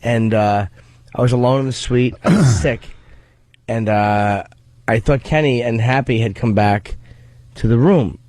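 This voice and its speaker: A man telling a relaxed, rambling story as a comedian guest on a radio show. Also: medium pitch, measured pace, no room sound. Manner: relaxed anecdotal storytelling with fillers. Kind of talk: casual radio chat, storytelling. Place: radio studio. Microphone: studio microphone.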